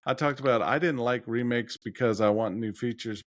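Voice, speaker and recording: A man's voice: medium pitch, a little fast, dry recording. Easygoing male podcast co-host, reflective chat, dry recording with no room sound.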